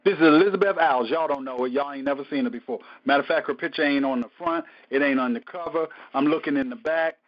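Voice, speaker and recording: A man's voice: a little high, fast, few pauses. A man, a pastor, teaching a Bible study in a conversational preaching style, emphatic and colloquial, often repeating phrases and breaking into praise. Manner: casual colloquial speech. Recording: dull lo-fi recording.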